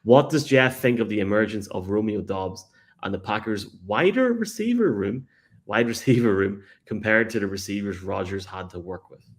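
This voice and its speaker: Irish guy co-hosting, lowish voice, jokes a lot and laughs easily. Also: fairly even intonation, moderate pace. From Ireland. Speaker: co-host reading listener messages. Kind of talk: casual live show chat.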